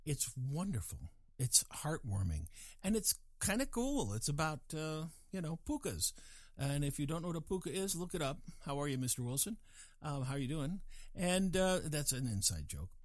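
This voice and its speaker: A man musing in a casual monologue, digressive and animated, with chuckling asides. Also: fairly high pitch, no echo.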